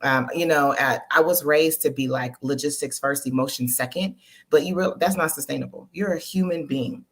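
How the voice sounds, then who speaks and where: Low husky woman, candid and lively, laughs a lot on a stream interview. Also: moderate pace. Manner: candid, animated, laughs easily. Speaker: guest, entertainer and producer. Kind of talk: casual interview talk. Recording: live stream call.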